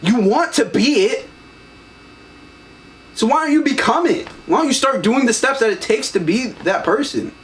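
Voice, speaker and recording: A man's voice: extremely high pitch, expressive, normal speed, fairly bright tone, slight background noise. A young man co-hosting a casual chat show, lecturing bluntly and swearing. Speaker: podcast co-host.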